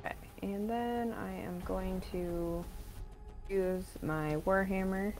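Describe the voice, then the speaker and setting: A woman's voice: medium pitch, fairly even intonation, slow pace, darkish tone, faint music behind. A woman playing a tabletop game who speaks casually and keeps asking about the rules. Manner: casual, asks rule questions. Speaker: player.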